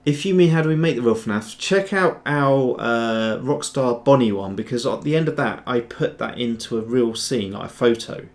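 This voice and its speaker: A man's voice: mid-range voice, moderate pace, hardly any pauses. A man hosting a casual livestream tutorial, rambling and chatty as he answers viewer chat while he works. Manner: rambling, chatty, trails off and restarts. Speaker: host, 3D sculptor.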